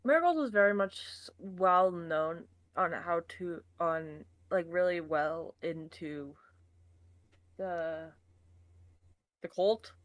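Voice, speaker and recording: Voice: medium pitch, slow pace, a bit bright, dry recording. A tabletop game player chatting casually, hesitant at times and swearing freely.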